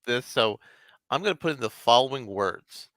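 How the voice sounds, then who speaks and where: Male host, low pitch with a crisp bright edge, relaxed demonstrating tone, dry sound. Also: normal speed, no room sound. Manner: relaxed, showing a tool step by step. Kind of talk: casual conversation.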